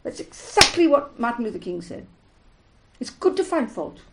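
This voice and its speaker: A woman's voice: on the high side, normal speed, very noisy. Emphatic woman teaching a group. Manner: emphatic, animated, acts out little scenes. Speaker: Buddhist teacher. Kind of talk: dharma talk to a group.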